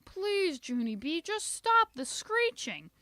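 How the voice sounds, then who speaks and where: A woman voicing a patient, weary old grandfather who talks gently and coaxingly in a storybook reading. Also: extremely high pitch, sing-song, slow pace, no room sound, clean studio sound, voice pushed up, heavily acted.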